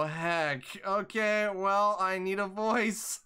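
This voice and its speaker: A woman's voice: mid-range voice, extremely slow, few pauses, a bit bright, clean tone. A woman streaming a game, chatting casually with viewers in a laughing, self-interrupting way. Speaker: streamer reading game dialogue. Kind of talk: casual live-stream chat. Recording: game music underneath.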